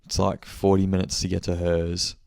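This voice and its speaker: A young man chats through a rambling, sweary story in a casual podcast check-in. His voice sits low and flat with a gravelly edge. The sound is dry and close, with no room echo. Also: normal speed. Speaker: podcast host. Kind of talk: casual monthly check-in chat.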